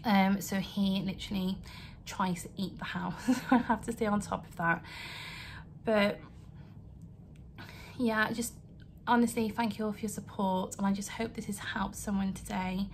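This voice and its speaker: A young woman talks to her camera from home in an earnest, rambling way, apologising as she goes. Her pitch sits in a middling range. A faint hiss of room noise stays under her voice. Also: fairly even intonation, measured pace, long pauses. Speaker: vlogger. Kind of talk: emotional vlog rant to camera. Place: home, indoors.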